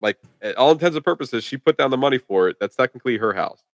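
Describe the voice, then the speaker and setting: A man's voice: medium pitch, lively intonation, fast, no echo. A man co-hosting a podcast, chatting casually about a film in a rambling way full of "like". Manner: rambling, filler-heavy with lots of "like". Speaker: podcast co-host. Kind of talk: casual chat, movie review.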